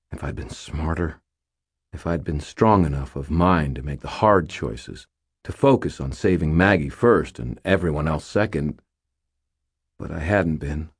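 A man giving grave, measured first-person audiobook narration. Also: very deep voice, husky, no room sound, clean studio sound.

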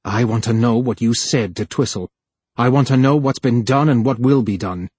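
A male narrator voicing a plump, scheming male official who sneers and then pleads in a higher voice. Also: normal speed, a little mellow, slightly rough, dry recording, lightly acted. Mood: scornful.

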